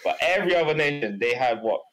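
A man in a casual football chat, measured and explaining things. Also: fairly high pitch, animated, a bit bright, poor audio.

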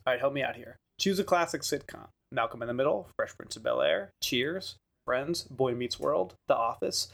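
A man with a gravelly, creaky voice banters as a podcast co-host. He jokes and laughs a lot, talking loosely with plenty of fillers. His pitch sits in the middle. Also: animated, moderate pace, hardly any pauses, fairly bright tone. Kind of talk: casual chat.

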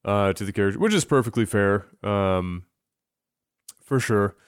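Podcast guy, smooth clear voice, laid-back and hedgy, dry sound. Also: lowish voice, moderate pace, no room sound. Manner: easygoing, hedging with fillers. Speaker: podcast co-host. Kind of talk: casual chat.

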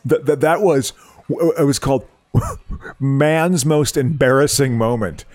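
A man's voice: medium pitch, slow pace, a little mellow, dry recording. A man co-hosting a casual comedic chat, stammering and laughing often as he tells stories. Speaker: podcast co-host.

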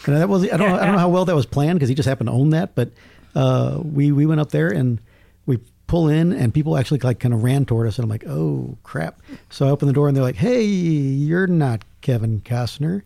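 A man's voice: on the high side, fast, creaky, no room sound. A man, a film critic telling jokey stories in casual chat. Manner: storytelling, jokey, lively asides. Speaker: podcast guest, film critic.

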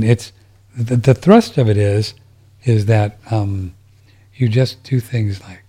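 Man, podcast host, dark mellow voice, casual rambling chat, frequent restarts, reading listener messages. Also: lowish voice, fairly even intonation, slow pace, breathy edge. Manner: rambling, with many restarts and fillers. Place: home, seated in a chair.

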